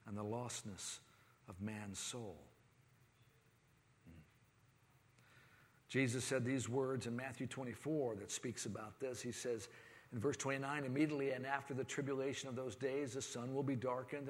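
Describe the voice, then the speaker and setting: A man preaching a sermon as pastor, swinging between fervent rising passages and quiet, grave reflection. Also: mid-range voice, long reverb tail. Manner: preaching with rising, impassioned delivery.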